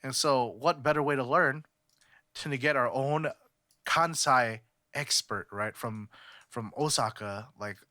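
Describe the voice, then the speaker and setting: A man's voice: medium pitch, measured pace, pushed and bright, no echo, studio quality. A young man from California chatting on a podcast, rambling with lots of fillers and restarts. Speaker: podcast co-host. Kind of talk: casual podcast chat.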